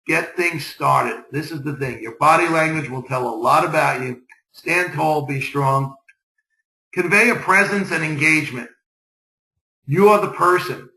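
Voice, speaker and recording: A man with a bright, forceful voice, a bit higher than most, gives a motivational business talk. He drives his points home with short, repeated exhortations. His voice rings around an echoey room. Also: unhurried. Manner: upbeat, repetitive exhortations. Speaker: business networking presenter. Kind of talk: motivational presentation.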